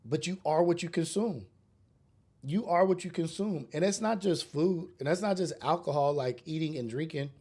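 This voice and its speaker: A man hosting a solo podcast speaks at normal speed in a fairly high, husky voice with a darkish tone. Shaped by a rough urban upbringing, he delivers a casual, preachy rant, blunt and full of street slang and curses.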